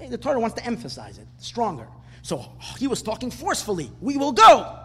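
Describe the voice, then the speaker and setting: Animated high-voiced man teaching Torah. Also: a little hiss or hum. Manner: animated, questioning, rising to emphatic bursts. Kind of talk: Torah class lecture. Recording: hall reverb with faint ambience.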